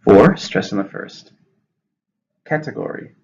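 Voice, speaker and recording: Brief: male English teacher, deep gravelly voice, careful slow delivery, lo-fi recording with faint hiss. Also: expressive. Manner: slow, careful enunciation of words. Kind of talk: vocabulary lesson. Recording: lo-fi with faint noise.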